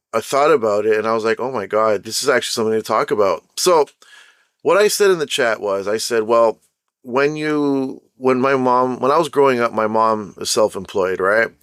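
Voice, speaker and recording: A man's voice: medium pitch, a bit bright, clean tone, no room sound, studio quality. A young man from Canada with a Canadian accent, hosting his own show and telling a personal story in a loose, chatty way, often checking in with "right?". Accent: Canadian English. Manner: chatty, keeps asking "right?"; laughs at his own jokes. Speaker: podcast host. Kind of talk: casual storytelling monologue.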